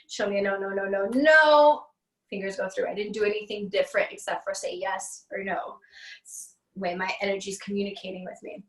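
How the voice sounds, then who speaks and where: A woman's voice: mid-range voice, pushed and bright, roomy sound, far from the mic, poor audio. A woman teaching an online class in a casual, chatty way, laughing often, on a video call.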